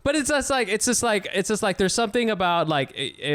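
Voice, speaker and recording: A man co-hosting a podcast in casual chat, relaxed and quick to agree and jump in. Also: sits high, dry recording. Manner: relaxed, lots of short agreeing replies. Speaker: podcast co-host.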